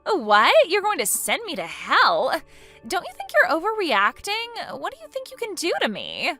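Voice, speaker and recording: A woman's voice: very high-pitched, wildly swooping pitch, normal speed, sharp tone, faint music behind, pitched above the performer's own voice, exaggerated voice. A synthetic woman's voice playing an entitled young woman who talks in an indignant, self-pitying way.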